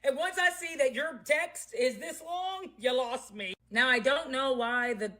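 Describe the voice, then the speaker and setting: A woman's voice: high-pitched, a little slow, pushed and bright. Laughing, blunt woman commentator. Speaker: commentary host. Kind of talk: casual commentary.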